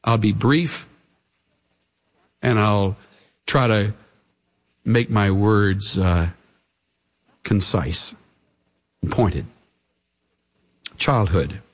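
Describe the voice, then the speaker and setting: A middle-aged man preaching a sermon as pastor, earnest and pleading, his voice swinging from raised highs down to hushed lows. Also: very slow, long pauses.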